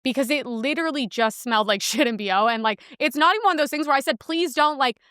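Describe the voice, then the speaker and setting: A woman's voice: on the high side, lively intonation, quick pace, sharp tone, no echo, clean studio sound. A young woman hosting a podcast in a casual, blunt monologue, full of filler words and crude asides. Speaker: podcast host.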